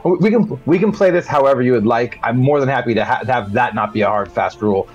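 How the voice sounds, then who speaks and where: A man's voice: mid-range voice, fast talker, lo-fi sound. Easygoing male game master. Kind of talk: narrating a tabletop game.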